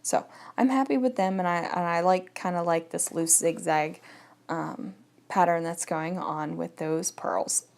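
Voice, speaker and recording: A woman's voice: lowish voice, unhurried, creaky, a little mellow. A woman giving an easygoing, chatty voice-over of her crafting project, thinking aloud as she goes. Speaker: scrapbooking vlogger. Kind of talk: casual voice-over narration.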